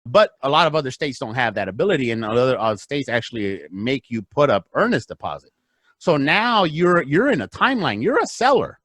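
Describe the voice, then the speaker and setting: Male podcast guest, animated storyteller, dry close sound. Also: fairly quick, no room sound. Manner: animated storyteller, acts out dialogue, big swings in pitch. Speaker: podcast guest, real estate investor. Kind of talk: casual chat.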